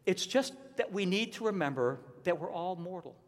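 Earnest preacher in an echoing hall. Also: male voice, sits high, expressive, moderate pace. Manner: earnest, emphatic, repeats key points. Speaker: pastor. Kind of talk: sermon. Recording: long reverb of a large hall.

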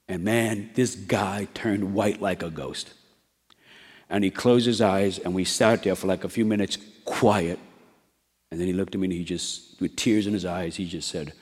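A middle-aged man preaching a sermon, moving between quiet storytelling and rising exhortation. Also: low-pitched, fairly even intonation, moderate pace, slightly rough. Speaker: pastor. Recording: long hall reverb.

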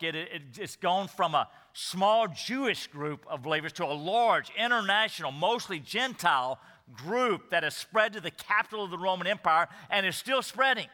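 A man preaches from the pulpit, his voice high and bright, almost piercing. He leans on words with deliberate pauses. The sound rings out through a reverberant church hall. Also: animated. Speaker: pastor. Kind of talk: sermon. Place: church sanctuary.

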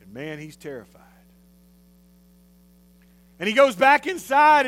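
Pastor guy with a high voice, preaching casual, chatty and animated. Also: a little slow, long pauses. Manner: animated, conversational storytelling. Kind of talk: sermon.

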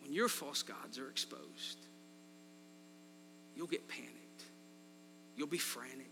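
A man preaching a sermon, swinging between loud emphasis and quiet asides. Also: medium pitch, slow, creaky. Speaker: pastor. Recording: long reverb in a large hall, faint mains hum.

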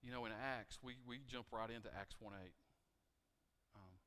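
A man preaching a sermon in a church, asking the congregation questions and moving between loud emphasis and quiet appeals. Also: medium pitch, normal speed, clean tone. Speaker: pastor. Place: church sanctuary. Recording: reverberant church hall, mic cutting out.

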